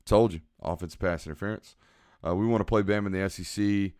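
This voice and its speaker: A young man, giving relaxed, analytical commentary on a football game as he watches and answers chat on a live stream. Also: sits low, quick pace, clean tone, dry recording, clean studio sound.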